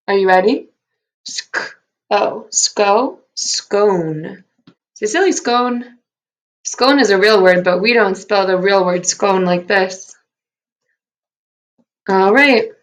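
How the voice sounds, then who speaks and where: A woman teacher leads a recorded phonics lesson for first graders. Her voice sits at an ordinary middle pitch. She talks slowly and clearly, stays upbeat and encouraging, and carefully sounds out each letter and syllable.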